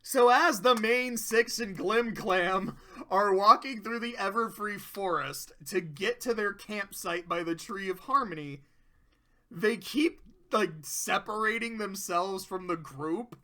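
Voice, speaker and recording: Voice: mid-range voice, sharp tone. A commentator casually recapping cartoon episodes, rambling, swearing freely and laughing often.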